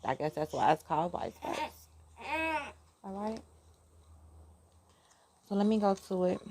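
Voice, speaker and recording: A talkative woman rambling through a casual outdoor vlog at a mid pitch. She laughs often and drifts off to speak to her child. Steady outdoor noise and clicks run under her voice. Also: unhurried. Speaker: tarot vlogger. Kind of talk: casual chat to viewers. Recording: noisy outdoor recording.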